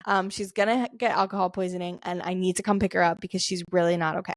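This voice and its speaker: A woman's voice: on the low side, fairly even intonation, quick pace, no room sound, studio quality. Chatty young woman telling a story. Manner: chatty, lots of "like" fillers, laughs often. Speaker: podcast co-host. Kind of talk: casual storytelling chat.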